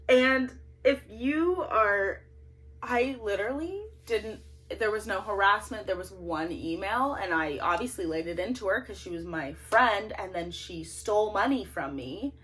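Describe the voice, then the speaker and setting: A woman's voice: mid-range voice, a bit bright. A woman in her thirties vents straight into her camera, indignant and ranting, her voice swinging sharply up and down as she talks. She has no proper microphone and records in a cramped closet at home. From Canada. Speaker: political vlogger. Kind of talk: emotional monologue to camera. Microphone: no microphone, camera's built-in mic.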